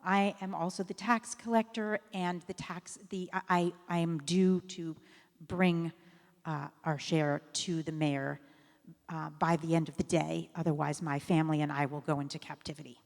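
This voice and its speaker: A humble male innkeeper who trusts that all will be well, speaking calmly with small hesitations, as a woman rabbi tells it. Her voice sits lowish and rings with a long reverb in a sanctuary. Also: moderate pace, vocal fry.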